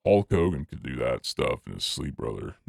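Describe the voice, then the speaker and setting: Man impersonating a very deep, gravelly old wrestler, bragging, dry close sound. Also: sing-song, dry recording, exaggerated voice. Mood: boastful. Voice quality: gravelly, growling. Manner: boastful, drawn-out "brother". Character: gravelly old male wrestling legend, boastful.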